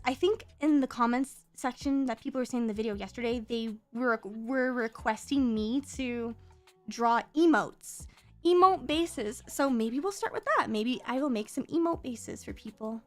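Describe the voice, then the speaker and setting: A woman streaming as a VTuber, chatting casually with her viewers while drawing. She talks in a playful, teasing way and swaps between very fast and deliberately slow speech. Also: high voice. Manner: teasing, mock-offended outbursts at chat. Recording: faint background music.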